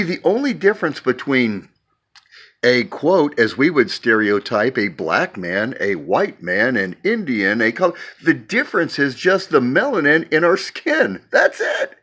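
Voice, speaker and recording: A man preaching in a slow, musing way while talking from his porch. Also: mid-range voice, a bit bright. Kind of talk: devotional vlog talk.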